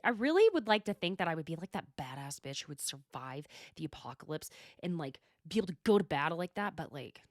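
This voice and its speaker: A woman's voice: low voice, big pitch swings. A woman hosts her podcast alone in a loose, gossipy chat, peppering it with curse words and side remarks. Her voice swings up and down with lots of life, and the sound is dry and close with no room echo. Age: adult, mother. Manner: chatty, swears freely, quick asides. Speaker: podcast host. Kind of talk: casual solo recap chat.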